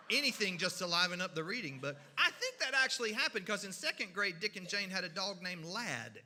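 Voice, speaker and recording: Bright-voiced storyteller in a hall. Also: male voice, high voice. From Kentucky mountains. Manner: animated, folksy, sound effects and voices. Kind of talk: humorous storytelling. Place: church hall. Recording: reverberant hall.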